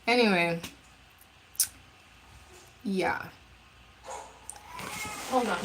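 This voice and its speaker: A woman's voice: fairly high pitch, drawn-out words, long pauses, noisy background. A woman telling a storytime in a casual, blunt and profane way, rambling with restarts. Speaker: live streamer.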